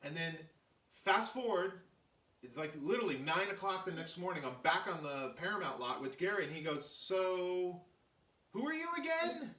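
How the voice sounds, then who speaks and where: A man's voice: a little high, normal speed, roomy sound, recorded from a distance. A man hosting a live stream, telling a story in casual chat and acting out the voices of the people in it. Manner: animated storyteller, acts out quoted voices. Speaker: show host, artist telling a story.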